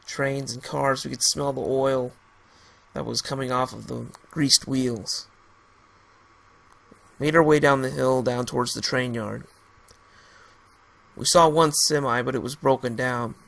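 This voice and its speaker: Gravelly man narrating a story. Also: medium pitch, steady tone, a bit bright. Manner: halting, with restarts.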